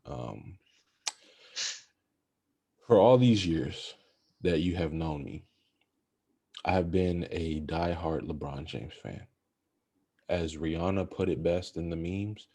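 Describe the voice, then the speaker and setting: A young man co-hosting a podcast, chatting about basketball in a casual, animated, rambling way. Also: low voice, husky. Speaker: podcast co-host. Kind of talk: casual sports chat.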